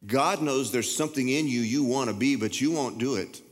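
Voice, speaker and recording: Folksy preacher in an echoing hall. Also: male voice, medium pitch, normal speed. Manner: folksy, repetitive, stammering. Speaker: pastor. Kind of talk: sermon. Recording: long hall reverb.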